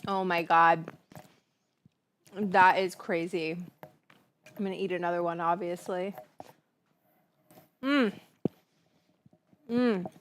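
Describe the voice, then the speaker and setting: A woman's voice: on the low side, steady tone, slow, long pauses, fairly bright tone, a little hiss or hum. A woman hosting a casual cooking livestream, chatty and giggly, savoring the food aloud and admitting she is stoned. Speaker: cooking show host. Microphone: clip-on mic.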